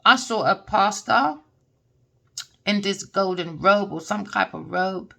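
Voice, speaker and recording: A woman delivers a tarot reading in a loose, unscripted monologue. She talks bluntly and with emphasis, swears freely, and keeps asking herself "why?" before she answers. Her voice is bright and forceful, set at a middle pitch. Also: animated, a little slow, vocal fry, pauses often. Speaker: tarot reader.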